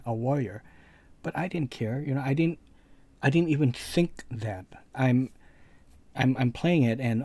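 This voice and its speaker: A man's voice: medium pitch, a little mellow. A man hosting a gaming video channel, telling a rambling personal anecdote in casual commentary. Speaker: let's play channel host.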